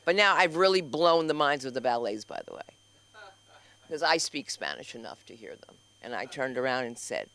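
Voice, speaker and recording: A woman doing a stand-up comedy set and hosting an open mic, loud and animated, acting out the people in her stories. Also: sits low, moderate pace. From New York. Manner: loud, animated storytelling with acted-out quotes. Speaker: comedian and host. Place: small comedy club stage.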